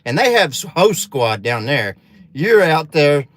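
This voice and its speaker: A man's voice: on the high side, sing-song, unhurried, no room sound. A man from Arkansas with a Southern accent, telling a rambling, profane story in a folksy, casual way.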